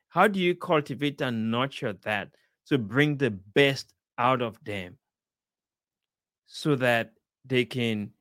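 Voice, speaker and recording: A father speaking earnestly about the power of words, encouraging listeners with measured emphasis and repeated points. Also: medium pitch, a bit bright, dry recording, studio quality. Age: adult, father of a young child. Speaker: speaker sharing life advice. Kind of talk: slow inspirational talk.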